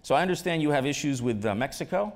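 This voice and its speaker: A man's voice: fairly high pitch, animated, fast talker. A man speaking as a guest in an onstage conversation, making emphatic arguments with the odd wry joke. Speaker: ambassador, interview guest. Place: auditorium stage.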